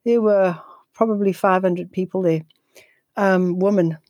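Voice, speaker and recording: A woman guest speaking on nutrition in an interview, telling stories in a quick, energetic way with frequent restarts. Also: medium pitch, no echo. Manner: fast, energetic, with frequent restarts and repeated words. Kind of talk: conversational storytelling interview.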